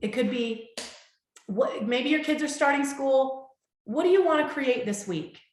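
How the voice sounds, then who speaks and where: A woman hosting a motivational talk, speaking heartfelt and warm and checking in with her listeners often. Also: sits high, a little slow. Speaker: host. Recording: echoey room.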